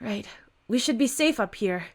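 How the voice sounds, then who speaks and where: A woman reading a webtoon aloud, voicing a calm young man who rescues someone from a fire. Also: fairly high pitch, moderate pace.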